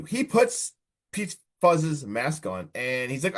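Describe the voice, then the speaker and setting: A man hosting a podcast, recapping a film in a casual, animated way with lots of filler words. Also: fairly high pitch, slow pace. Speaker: podcast host.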